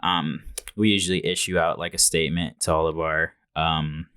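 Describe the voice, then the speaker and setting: Young guy w a super deep voice, chill business talk, lots of ums, dry close sound. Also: normal speed, smooth, no room sound. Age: young adult. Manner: calm, plain-spoken, many ums and likes. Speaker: guest, small business owner. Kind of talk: casual interview.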